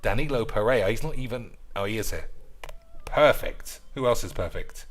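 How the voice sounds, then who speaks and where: A man's voice: fairly low pitch, lively intonation, moderate pace. A man giving casual, crude and sarcastic gameplay commentary, swearing freely. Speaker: gaming video host.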